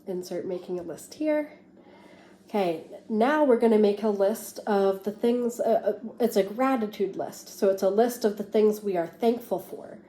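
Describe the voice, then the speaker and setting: A woman teacher reading a picture book aloud to a class with expressive, lively storytelling, then explaining an activity. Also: mid-range voice, moderate pace, reverberant.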